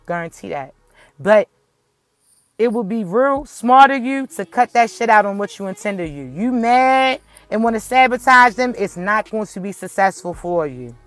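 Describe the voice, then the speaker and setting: A woman's voice: mid-range voice, lively intonation, moderate pace, dry recording, soft background music. A woman giving a casual spiritual message to viewers, speaking bluntly and swearing freely. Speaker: spiritual reader.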